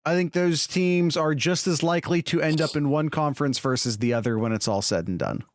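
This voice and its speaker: A man co-hosting a sports podcast, talking casually in an animated, opinionated way with quick restarts. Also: fairly high pitch, no echo, clean studio sound. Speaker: podcast co-host.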